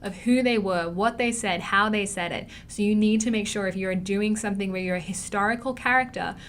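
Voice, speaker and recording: A woman's voice: mid-range voice, fairly quick, fairly bright tone, a little hiss or hum. A woman with an Australian accent giving an online acting lesson, emphatic and repeating key words for stress. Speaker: acting teacher.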